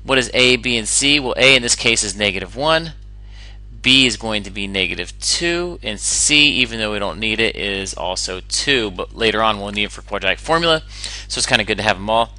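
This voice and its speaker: Male math teacher, bright and sharp tone, dry close recording, upbeat step-by-step explainer. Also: lowish voice, expressive, a little fast, dry recording, low-quality recording.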